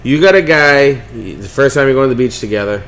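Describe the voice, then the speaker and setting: A man's voice: medium pitch, animated, brisk, fairly bright tone. A man hosting a casual podcast chat, joking around and telling a tall tale with quoted voices. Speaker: podcast host.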